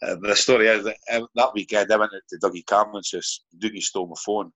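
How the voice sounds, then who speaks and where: A man's voice: fairly low pitch, steady tone, quick pace, a bit bright. A Scottish man, a former footballer, rambling through stories in casual podcast chat and swearing freely.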